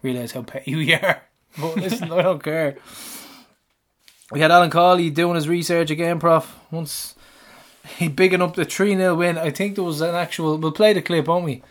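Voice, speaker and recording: A man's voice: on the high side, fairly even intonation, moderate pace, fairly bright tone. An Irish man co-hosting a football podcast in casual chat, blunt and fiery, swearing freely. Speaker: podcast co-host.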